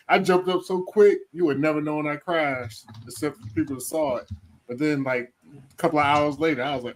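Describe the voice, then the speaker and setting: A man co-hosting a casual live chat show, telling animated stories and acting out other people's voices with lots of laughter. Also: a little high, fairly quick. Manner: animated storyteller, acts out voices, laughs often. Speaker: co-host.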